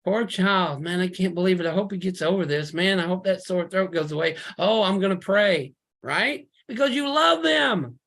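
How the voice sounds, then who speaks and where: A man preaching a fiery, emphatic sermon over a video call, full of rhetorical questions and sudden loud bursts. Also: sits high, moderate pace, vocal fry, few pauses.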